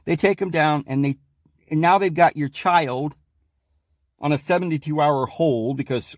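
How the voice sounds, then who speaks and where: A man's voice: fairly high pitch, a little slow, dry recording, clean studio sound. A man hosting a podcast in a rambling, emphatic monologue, sometimes acting out the people he quotes. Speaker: podcast host. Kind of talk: casual monologue.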